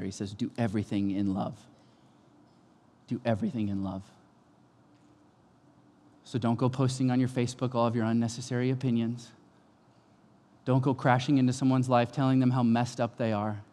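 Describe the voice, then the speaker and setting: A man's voice: mid-range voice, a little mellow. A man preaching a sermon as pastor, in an emphatic, conversational way. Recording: long hall reverb.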